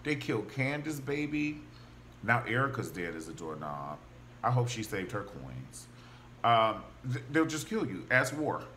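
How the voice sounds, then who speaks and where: A man recaps a TV drama in a loose, gossipy way, often slipping into the characters' voices. His pitch swings widely as he talks. A faint hiss sits under the recording. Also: unhurried. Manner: animated and gossipy, acts out quotes of characters. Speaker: TV show reviewer. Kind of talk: casual recap and commentary.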